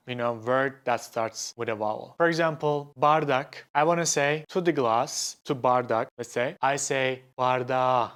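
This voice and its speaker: A male language teacher, a native speaker of Turkish, explaining patiently and repeating example words slowly in an online lesson. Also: medium pitch, a bit bright.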